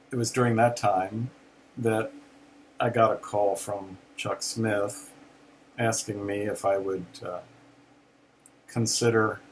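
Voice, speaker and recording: An older male pastor telling a personal story slowly, pausing often with fillers. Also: on the low side, a little hiss or hum, low-quality recording. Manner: slow, reflective storytelling with many pauses and fillers. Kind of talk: personal testimony in a sermon.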